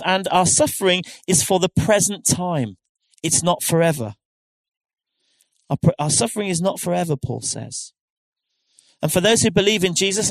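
A man's voice: high-pitched, no room sound. A middle-aged man preaching a sermon in an earnest, conversational way, often restarting sentences and asking rhetorical questions. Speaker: pastor.

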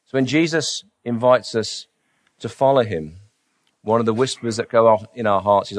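A man preaching a sermon, earnest, asking rhetorical questions and softly voicing inner doubts. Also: mid-range voice, normal speed.

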